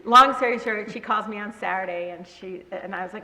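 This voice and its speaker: A woman with a bright, forceful voice tells lively stories to a listening crowd. She laughs as she talks and acts out relatives' voices. The sound carries a long hall reverb with a faint hum underneath. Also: mid-range voice, a little fast. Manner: animated, laughs while telling stories, voices family members. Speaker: guest speaker, politician. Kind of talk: conversational storytelling to a live audience.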